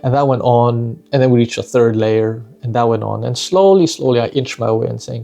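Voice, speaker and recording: A man's voice: medium pitch, brisk, gravelly, few pauses, dark tone, soft background music. A man, a father, telling a personal parenting story in a reflective, conversational way, often tagging his sentences with "right?" and "you know".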